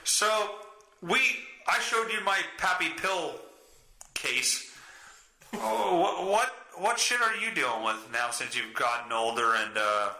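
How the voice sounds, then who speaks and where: Man, middle-aged, podcast host, high lively voice, bright tone, crude storytelling, swears a lot, echoey room. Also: slow pace. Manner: animated, swears constantly, laughs through his story.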